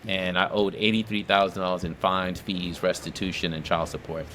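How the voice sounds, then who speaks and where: Emphatic storytelling man, low-pitched voice. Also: flat delivery, normal speed, bright, forceful tone, slight background noise. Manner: emphatic, repeats phrases for effect. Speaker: podcast guest, advocate. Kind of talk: casual storytelling interview.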